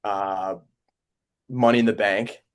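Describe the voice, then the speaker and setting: A young man co-hosting a podcast over a call, chatting about sports in a relaxed, chatty way. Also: fairly low pitch, slow pace, clear, resonant tone. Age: young adult. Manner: relaxed, chatty, laughs easily. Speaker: podcast co-host.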